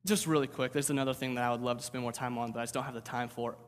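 A man's voice: medium pitch, steady tone, very fast, long reverb tail. A man preaching a sermon as pastor, talking casually, repeating words and asking "right?".

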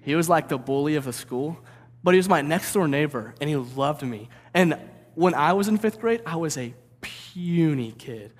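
A preacher from St. Louis giving an energetic, conversational sermon, often checking in with "right?". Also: male voice, a little high, normal speed, long reverb tail. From St. Louis, USA.

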